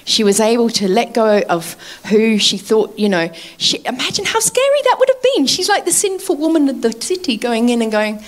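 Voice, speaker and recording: A woman's voice: fairly high pitch, sing-song, moderate pace, few pauses. A woman preaching a sermon in a chatty way, laughing often and asking her listeners to agree.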